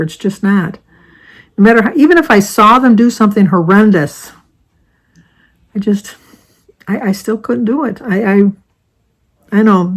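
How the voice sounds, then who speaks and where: A woman's voice: mid-range voice, rough recording. An older American woman in casual chat, rambling and chatty, often stopping to correct herself. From United States. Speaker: vlogger.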